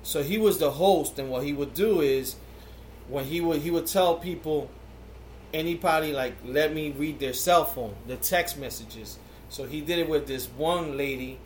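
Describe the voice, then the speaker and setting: A man's voice: fairly high pitch, normal speed. A man hosting a podcast, telling a long story in casual chat, with plenty of fillers and swearing. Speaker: podcast host. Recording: echoey room with faint background noise.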